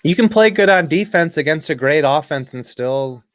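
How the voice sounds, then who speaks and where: Dude rambling about football on his stream, swears a lot, keeps clearing his throat, dry close mic. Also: a little high, lively intonation, normal speed, a bit bright, no room sound. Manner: profane, rambling, off-the-cuff. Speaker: live stream sports commentator. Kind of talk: casual live game commentary.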